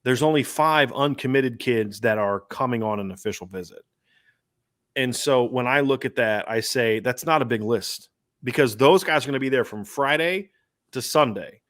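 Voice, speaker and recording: A man's voice: mid-range voice, normal speed, fairly bright tone. Emphatic man hosting sports talk. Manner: emphatic, rambling, many restarts. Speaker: podcast host.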